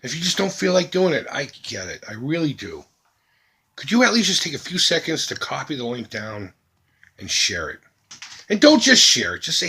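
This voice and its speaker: A middle-aged man making an earnest, emphatic charity appeal to his viewers as a vlogger, swinging between loud and hushed. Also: fairly high pitch, very animated, moderate pace, husky.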